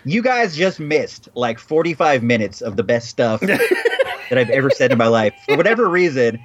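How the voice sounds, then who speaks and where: A man's voice: medium pitch, big pitch swings, moderate pace. A man chatting on a podcast, joking and self-deprecating, laughing a lot. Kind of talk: casual chat.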